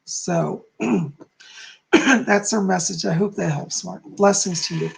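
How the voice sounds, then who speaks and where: A man's voice: high voice, extremely slow, vocal fry, a bit bright. A man hosting a live stream as a psychic, relaying spirit messages to viewers by name while losing his voice.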